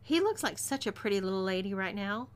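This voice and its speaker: A woman's voice: medium pitch, animated, fairly quick, close to an everyday voice. Texan woman playing Zelia, a fiery female outlaw. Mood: bossy. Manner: bossy, threatening drawl.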